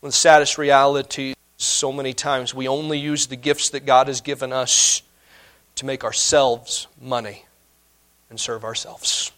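A middle-aged man preaching a sermon as pastor, conversational and animated, laughing often. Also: medium pitch, unhurried.

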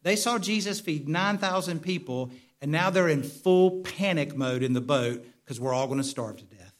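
Male pastor, higher register, animated conversational sermon delivery with frequent call-outs to the congregation. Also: normal speed. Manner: animated, calls for responses from the congregation; stumbles and repeats words, conversational.

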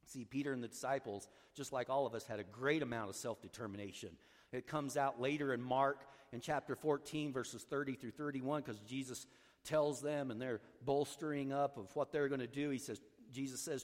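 A male pastor preaching a sermon, swinging between loud urging and hushed, low passages. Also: normal speed, long reverb tail.

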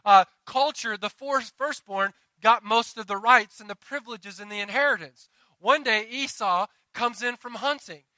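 A middle-aged pastor preaching a sermon, building in intensity and asking the congregation for amens. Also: male voice, high-pitched, pushed and bright, no room sound, poor audio.

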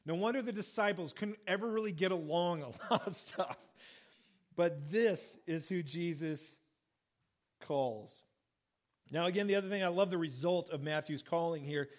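High-voiced man preaching conversationally. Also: moderate pace. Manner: conversational, acts out quoted lines with lively pitch jumps. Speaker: pastor. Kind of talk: sermon, Bible reading and teaching.

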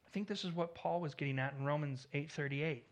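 A male pastor preaches a little fast and earnestly, his voice swelling on key points and dropping low as phrases close.

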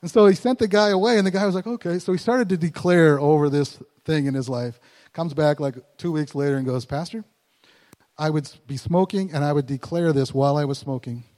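A man preaching a conversational sermon as pastor, animated and slowing down to stress scripture. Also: fairly high pitch. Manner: conversational and animated, voice rising in bursts; slows down to stress scripture words. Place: church sanctuary. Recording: long hall reverb.

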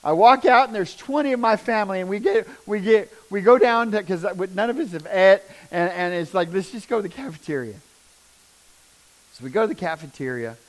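A middle-aged man telling a personal testimony as a father, his telling raw and intense and swinging from hushed to loud. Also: sits high, animated, fairly quick. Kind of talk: emotional personal testimony storytelling.

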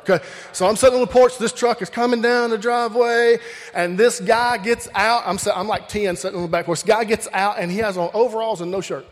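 A man's voice: high voice, fairly even intonation, fairly quick. A man with a Southern accent from Alabama, preaching with folksy humorous stories and talking straight to the crowd. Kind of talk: humorous storytelling sermon. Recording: long hall reverb.

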